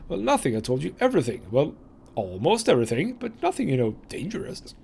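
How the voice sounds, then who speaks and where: A man's voice: fairly high pitch, huge pitch swings, a little fast, vocal fry, a little mellow, a little hiss or hum, full character voice. A man voicing a cocky, evasive male floating skull companion who wisecracks. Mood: defensive.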